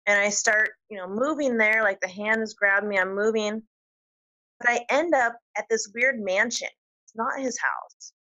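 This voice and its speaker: A woman telling stories as an interview guest, animated and chatty and quick to laugh. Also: a little high, muffled recording. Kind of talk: storytelling interview.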